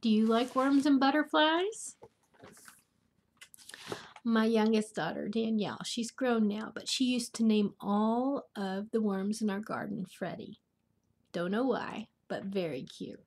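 An older woman, reading a children's picture book aloud as a grandmother, gently chatting and asking the listeners questions. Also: on the high side, measured pace. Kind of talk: storybook read-aloud for children.

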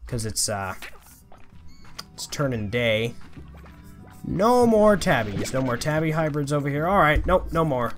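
Young man, gaming commentary, playful and chatty, swings in pitch, faint background music. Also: animated, a little slow, pauses often, a bit bright. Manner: playful, chatty, talks to the game creatures, mild swearing. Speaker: gaming YouTuber. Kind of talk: casual let's-play commentary.

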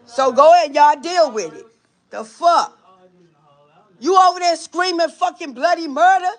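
A woman's voice: very high voice, unhurried. Profane woman barking repeated commands. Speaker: livestreamer intervening in a dispute. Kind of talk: heated phone livestream.

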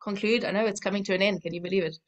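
A woman's voice: mid-range voice, fairly even intonation, racing. A woman facilitating a panel discussion, affirming the speakers and laughing often.

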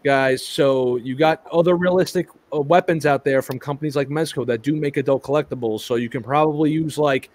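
A man's voice: a little high, fairly quick, hardly any pauses, no echo. Rambling casual male toy stream host. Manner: rambling, stumbling restarts, swears casually. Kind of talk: casual live chat about toys.

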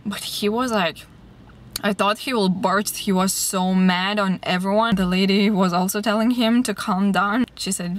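A woman's voice: mid-range voice, fairly even intonation, normal speed. A young woman from Lithuania, a native Lithuanian speaker, chatting casually to her vlog camera with lots of fillers. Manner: chatty storytelling with many fillers. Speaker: vlogger.

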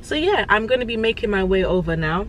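A woman's voice: mid-range voice, very animated, fast talker, slight background noise, poor audio. A young woman vlogging casually to her own camera, rambling and chatty and often laughing. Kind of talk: casual vlog chat to camera.

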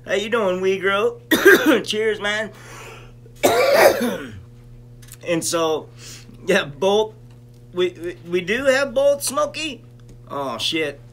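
A man's voice: high-pitched, expressive, extremely slow, long pauses, background noise. A man hosting a casual live stream, telling rambling stories full of "you know" and breaking off to greet viewers by name. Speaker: stream host reviewing cannabis.

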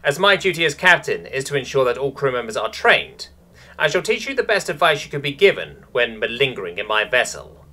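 A man's voice: medium pitch, big pitch swings, fairly quick, sharp tone. A man voicing a brash, snooty female starship captain who lectures cadets in a mock-aristocratic bark. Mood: announcing.

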